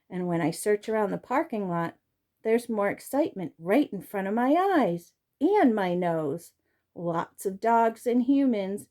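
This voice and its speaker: A woman reading a children's chapter book aloud with an expressive, storytelling delivery. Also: medium pitch. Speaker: reader.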